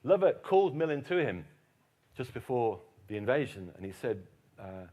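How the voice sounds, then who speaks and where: A man from Britain giving a keynote history lecture, telling anecdotes in a lively, animated way. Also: mid-range voice, moderate pace.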